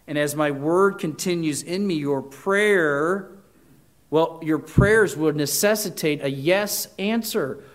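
A man's voice: fairly high pitch, slow pace. A middle-aged man, a pastor, preaching a sermon in an earnest way that builds to emphatic peaks.

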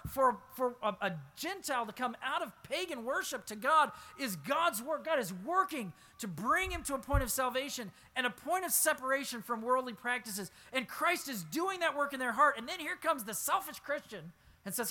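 A man preaching a sermon as pastor, reading scripture aloud and then explaining it, swinging from low asides to loud emphatic exclamations. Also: expressive, moderate pace. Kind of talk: expository sermon.

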